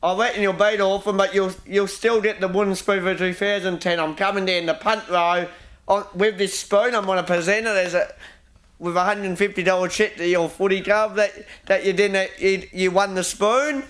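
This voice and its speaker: Pitched high and a little bright, the man keeps a steady tone and moderate pace. As the Australian host of a homemade local football show, he meanders through a casual tips segment full of rants and repeated restarts.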